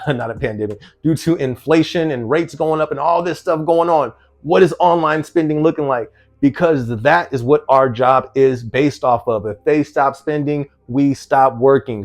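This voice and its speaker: A vlogger from New Jersey talks casually to camera in a mid-range voice, reading out a news article. He reacts to it with rhetorical questions and laughs often.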